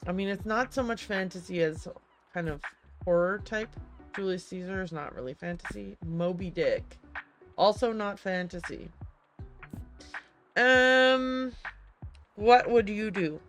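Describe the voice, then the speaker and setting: A woman's voice: on the low side, moderate pace, faint music behind. A woman streamer playing a game, chatty and hesitant as she thinks aloud and reads game text. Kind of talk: let's-play commentary and reading game text.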